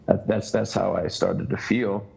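A man being interviewed as an ultrarunner guest, telling a long story in halting bursts that keep restarting. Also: deep voice, flat delivery, creaky, a little mellow, slightly rough, highs cut off. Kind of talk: casual podcast interview.

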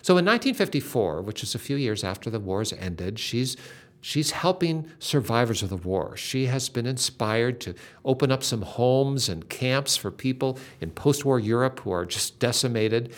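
An older man telling a faith story in an earnest, dramatic way, with lively shifts in emphasis. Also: mid-range voice, a little slow.

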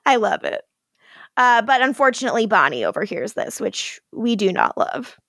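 A woman's voice: fairly high pitch, very animated, moderate pace, creaky, a bit bright, no echo, studio quality. Giggly young woman recapping a show. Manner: chatty, giggly, acts out character quotes. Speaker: podcast host. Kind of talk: casual episode recap.

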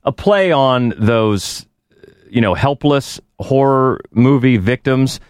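A man's voice: medium pitch, slow pace, smooth, no room sound, clean studio sound. A man co-hosting a podcast, chatting enthusiastically about horror films. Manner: enthusiastic, animated. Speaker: podcast co-host.

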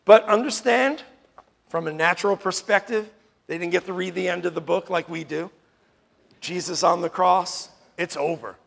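In a high voice with vocal fry, a New York man preaches at a moderate pace, emphatic as he shifts from loud declarations to hushed passages. He keeps asking the congregation "Amen?"

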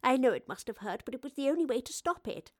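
A woman doing a gentle, unhurried lady professor. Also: high voice, animated, voice pushed up. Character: kindly, careful woman professor and inventor.

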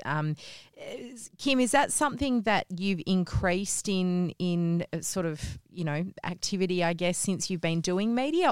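A woman co-hosting a podcast, her voice very low for a woman and exceptionally smooth and resonant. She sounds dry and close to the mic. She chats easily and agrees readily with her guests. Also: dry recording. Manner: warmly agreeable, chatty. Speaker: podcast co-host. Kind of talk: casual podcast interview.

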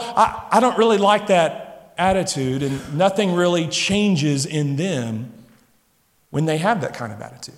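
A middle-aged man preaching a sermon to a congregation, animated, now and then acting out the voices of his listeners and his children. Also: high voice, normal speed. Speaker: pastor. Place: church sanctuary. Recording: long reverb of a large hall.

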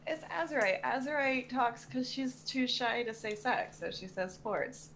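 A woman co-hosting a podcast, chatting and joking excitably during a party card game over a call. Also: a little high, measured pace. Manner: giggly, excitable, jokey. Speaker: podcast co-host.

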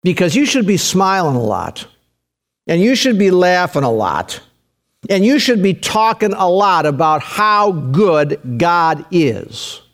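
A middle-aged man preaches with emphatic, insistent delivery. He leans on repetition to drive his points home, in a voice pitched a little above average for a man. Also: very animated, slow pace, a bit bright. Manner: emphatic preaching, repeats key phrases. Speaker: pastor. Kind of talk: sermon.

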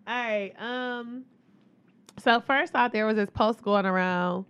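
A woman's voice: a little high, slow, fairly bright tone, clean tone. A woman co-hosting a podcast in loose, profane casual chat, laughing often as she retells stories. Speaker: podcast co-host.

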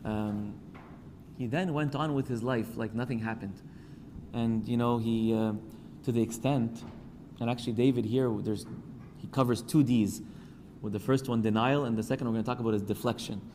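A man's voice: mid-range voice, steady tone, normal speed, darkish tone, a little hiss or hum. A male priest giving a sermon, building emphasis and acting out the people he quotes. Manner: preaching with rising emphasis, acting out quoted voices. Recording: church hall reverb, faint ambience.

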